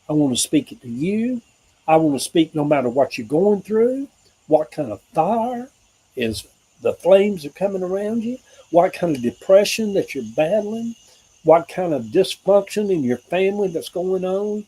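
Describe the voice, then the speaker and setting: Husky Southern man preaching hope. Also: fairly high pitch, moderate pace, warm tone, rough recording. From American South. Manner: earnest, rambling, preacher-like with asides to viewers. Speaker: livestream host. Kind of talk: informal spiritual livestream talk.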